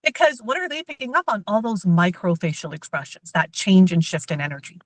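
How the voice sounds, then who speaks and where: A woman and mother giving a lively workshop talk on emotional intelligence to parents and teachers. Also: medium pitch, fairly quick, no room sound, poor audio. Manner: lively, acts out everyday scenes in quoted voices.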